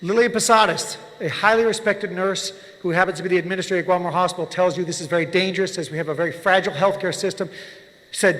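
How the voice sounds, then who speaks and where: A man with a notably high voice delivers confrontational testimony at a public hearing, pressing officials point by point. His words ring out with a long reverb from the hearing room. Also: steady tone, fast. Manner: forceful, confrontational, addresses officials directly.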